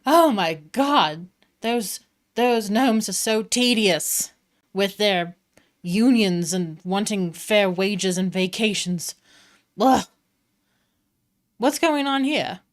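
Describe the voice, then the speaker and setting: A woman's voice: mid-range voice, animated, takes it slowly, long pauses. Woman voicing a fussy, exasperated carnival boss with theatrical, complaining delivery. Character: fussy pompous male carnival owner.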